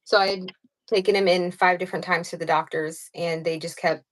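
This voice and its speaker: A woman who is a mother and guest on a live podcast, speaking earnestly with frequent pauses. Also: on the low side, steady tone.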